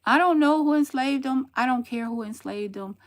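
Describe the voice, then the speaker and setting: A woman's voice: high-pitched, moderate pace. An older woman, a grandmother live-streaming and answering chat comments in a blunt, scolding, sarcastic way. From southern United States. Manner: blunt, scolding, sarcastic warnings with lively swings. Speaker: livestreamer.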